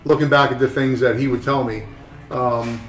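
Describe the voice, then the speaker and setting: A man's voice: medium pitch, fairly even intonation, normal speed, a bit bright, roomy sound, distant mic, poor audio. A man, a tattoo artist, telling a long story in rambling, profane casual chat with many restarts.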